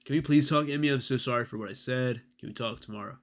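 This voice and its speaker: A male streamer reacts live in loose, profane slang. His comments carry a dry, mocking edge. His voice sits at an ordinary middle pitch. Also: fast talker. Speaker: streamer host.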